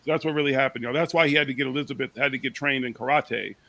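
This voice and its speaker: A man's voice: medium pitch, fairly even intonation, fast, gravelly, heavy background noise. A man hosting a casual chat with friends, joking and swearing freely.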